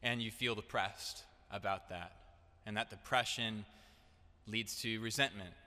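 Bright-voiced young man preaching in a hall. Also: on the low side, steady tone, a little slow. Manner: earnest, direct, building to emphatic declarations. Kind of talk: sermon. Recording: echoey hall.

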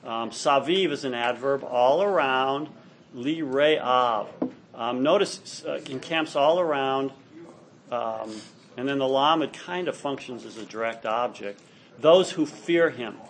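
A man takes it slowly in a medium-pitched voice while teaching a class on Hebrew grammar. Patient and explanatory, he checks in with his students often by asking "all right?"

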